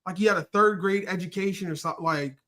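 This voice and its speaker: A co-host of a casual movie review chat online, animated and retelling scenes with acted-out quotes. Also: medium pitch, quick pace. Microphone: streamed online call.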